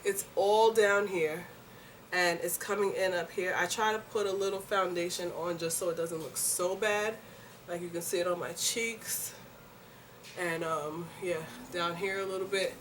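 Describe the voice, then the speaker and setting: A young woman in a casual, chatty home vlog, animated, laughing easily and filling pauses with likes and ums. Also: fairly low pitch, far from the mic, a little hiss or hum. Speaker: vlogger. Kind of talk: casual pregnancy update vlog.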